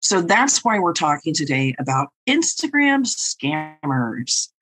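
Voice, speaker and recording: A woman's voice: low voice, very animated, slow pace, fairly bright tone, slightly rough, low-quality recording. Profane, wry woman telling a story. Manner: profane, wry, laughing through her stories. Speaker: podcast co-host and tarot reader. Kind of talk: casual storytelling chat.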